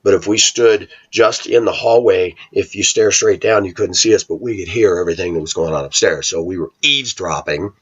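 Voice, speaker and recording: Male vlogger, low husky voice, lively storytelling, dull lo-fi sound. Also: fairly quick, few pauses. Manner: animated retelling, acting out voices. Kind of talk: casual storytelling monologue. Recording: dull lo-fi home recording.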